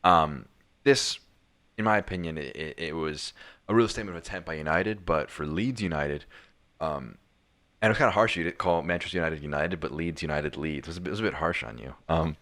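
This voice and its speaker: A man's voice: rumbling low, fairly quick, fairly bright tone. A young man co-hosting a casual football chat, rambling with lots of restarts. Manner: rambling, many restarts and fillers. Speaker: podcast co-host.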